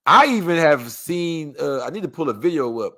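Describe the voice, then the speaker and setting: A man's voice: a little high, sing-song, moderate pace, pushed and bright. A man hosting a podcast, chatting loosely and joking as he reacts to a video, now and then reading aloud. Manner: loose, joking, preachy asides. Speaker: podcast host. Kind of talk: casual reaction chat.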